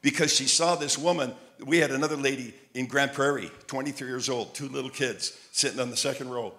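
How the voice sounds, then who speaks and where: A man preaching a sermon, telling lively stories and repeating phrases like a chant. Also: mid-range voice, a little fast. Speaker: traveling preacher. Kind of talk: sermon with storytelling.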